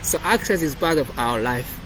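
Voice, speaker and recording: A man's voice: on the high side, expressive, normal speed, noisy background. Rambling man walking through his code. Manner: rambling, repeats and restarts phrases. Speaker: developer presenting his project. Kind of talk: casual walkthrough of code.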